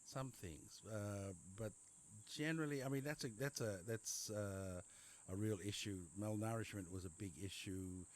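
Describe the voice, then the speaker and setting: A middle-aged man with an Australian accent speaks in a fairly low voice. He talks casually in an interview, rambling, restarting and repeating words as he tells his story. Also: normal speed. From Papua New Guinea. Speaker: general practitioner guest. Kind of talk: conversational interview.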